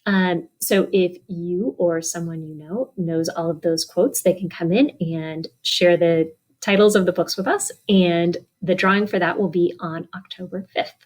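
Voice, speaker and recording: A woman's voice: fairly low pitch, fairly even intonation, measured pace, hardly any pauses. A woman librarian reads a picture book aloud at children's storytime, asking young listeners questions and answering for them.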